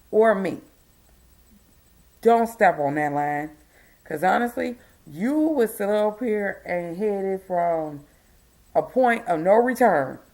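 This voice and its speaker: A woman's voice: mid-range voice, gravelly, a little mellow. A tired middle-aged woman, a single mom, ranting to her viewers in an exasperated, emphatic way. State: tired, yawning. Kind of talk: casual ranting vlog.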